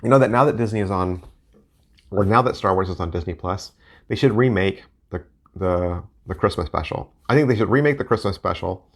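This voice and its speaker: Low gravelly man rambling over cards. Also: a little fast. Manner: rambling, thinking aloud, self-correcting. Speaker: deck collector and reviewer. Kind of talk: casual talk while looking through playing cards.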